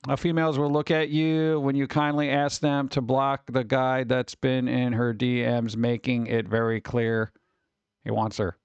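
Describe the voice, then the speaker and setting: A man's voice: medium pitch, level tone, measured pace, clean tone, no echo, dull audio. A male streamer in casual, rambling chat, reacting wryly to pictures and to his chat, with a slightly scratchy voice at times.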